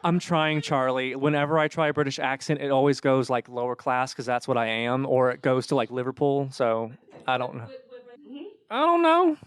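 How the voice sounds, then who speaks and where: A man hosts a live podcast panel at a convention, reading audience comments aloud with playful mock formality. His voice is smooth and clean. The sound is dry and close. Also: mid-range voice, little pitch movement, a little fast, no room sound.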